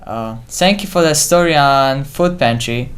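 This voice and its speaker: A teenager co-anchors a school news segment in a calm, understated way. The voice sits at a middle pitch, with occasional stumbles. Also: unhurried. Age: teens.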